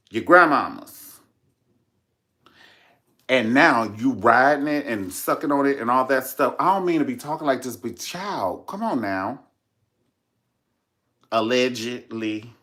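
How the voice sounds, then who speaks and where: A man's voice: on the low side, a bit bright. A man hosting a casual celebrity gossip vlog, sassy, dramatic and profane, calling his viewers "honey" again and again. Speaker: vlogger host.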